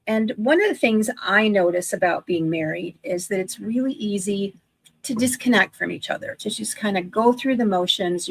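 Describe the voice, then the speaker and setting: An older woman in her sixties talks in a gravelly voice with a husky edge. She chats eagerly on a video call, piling up restarts and asides as she goes. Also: mid-range voice. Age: 60s. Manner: chatty, self-correcting, enthusiastic. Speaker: guest, online business owner. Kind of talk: casual livestream chat.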